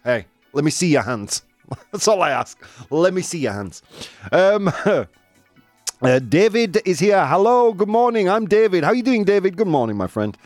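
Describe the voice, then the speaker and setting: A man's voice: fairly high pitch, big pitch swings, a little slow, no echo, faint music behind. A man hosting a live show in casual chat, playful and laughing, mixing in Spanish phrases. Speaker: host of a live daily show. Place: studio in Madrid.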